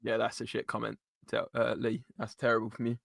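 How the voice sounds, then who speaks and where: A man's voice: mid-range voice, monotone, fairly quick, gravelly, a bit bright, no room sound, clean studio sound. A man co-hosting a live match watchalong, chatty and arguing his points while reading out the chat. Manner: chatty, reasoning, reads out the chat. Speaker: watchalong co-host.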